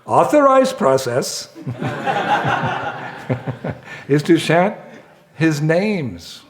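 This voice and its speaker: A calm, patient male holy man, voiced by a man telling a story, gives instructions in an unhurried way. His voice is ordinary and unforced. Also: a little high, slight background noise, pitched above the performer's own voice, exaggerated voice.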